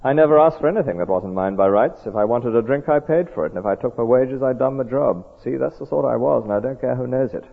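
A man's voice: mid-range voice, fast, gravelly, few pauses, husky. A man voicing the ghost of a self-satisfied working man, indignant and defensive, read aloud in a sermon. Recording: tinny echoey hall recording.

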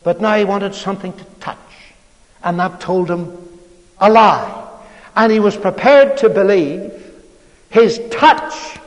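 A man preaches a storytelling sermon in a chatty, conversational way. He keeps tossing rhetorical questions to his listeners. His voice sits fairly high, and a long reverb from the church hall trails behind it. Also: slow, pauses often.

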